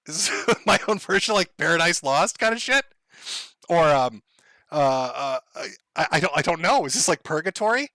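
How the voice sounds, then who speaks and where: Brief: male livestream host, sarcastic rambling rant, bright and forceful, dry close sound. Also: a little high, dry recording. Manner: rambling, profane, sarcastic, laughs often. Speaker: streamer.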